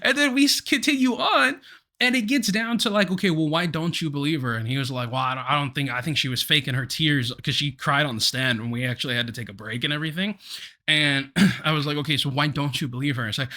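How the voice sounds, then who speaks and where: A man with a fairly high, bright, forceful voice tells a story in loose, casual podcast chat. He laughs often and jumps up in pitch when something strikes him as absurd. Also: fast. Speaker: podcast co-host.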